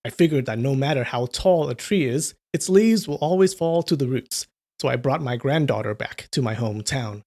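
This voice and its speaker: A man's voice: mid-range voice, expressive, normal speed, darkish tone. A man voicing a polite, humble gray-haired old innkeeper in a storybook reading.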